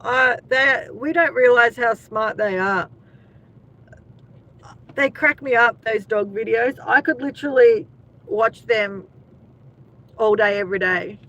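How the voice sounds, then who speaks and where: Chatty Australian woman, slow and bright. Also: a little high, lo-fi sound. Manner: chatty, laughs often, talks to viewers by name. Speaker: livestream host. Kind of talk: casual chat with viewers.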